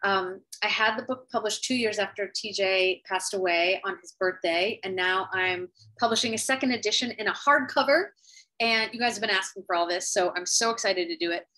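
A woman's voice: medium pitch, pushed and bright, rough recording. Earnest woman telling a personal story. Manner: heartfelt, earnest, with pauses and slow stretches. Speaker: author sharing her story. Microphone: video call.

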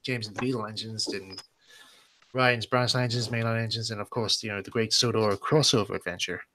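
A man hosting a live stream, chatting casually in an animated way with quick laughs and restarts. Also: fairly low pitch, a little hiss or hum. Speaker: voice actor and stream host.

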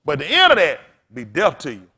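A man's voice: a little high, wildly swooping pitch, brisk, bright, forceful tone, breathy edge. A man pastor preaching a sermon in a blunt, colloquial way, swearing freely and firing questions at the congregation.

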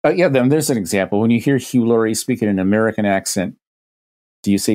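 A man's voice: on the low side, fast, darkish tone. A man, a guest expert on a podcast, explaining ideas through hypothetical examples, thinking aloud with frequent restarts.

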